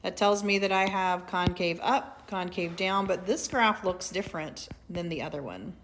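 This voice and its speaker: A woman's voice: lowish voice, normal speed, fairly bright tone, a little hiss or hum. Echoey woman teaching calculus. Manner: conversational, asks for agreement with "right?"; lightly sarcastic asides. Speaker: math teacher. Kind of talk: recorded calculus lecture. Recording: echoey room.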